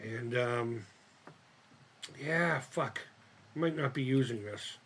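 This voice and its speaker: A man's voice: mid-range voice, slow, a bit bright, husky. A man live-streaming as he builds a model kit, rambling and thinking aloud, swearing often and laughing at himself. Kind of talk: casual live-stream chat while crafting.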